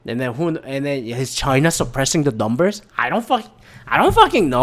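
A man's voice: on the high side, sing-song, moderate pace, fairly bright tone. A man ranting casually about the news, heated and rambling, swearing often and mimicking other people. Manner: mimics others in quoted asides. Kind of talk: casual rant on current events.

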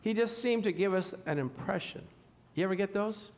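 A man preaching a sermon, animated and acting out scripture scenes as he teaches. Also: high voice, moderate pace.

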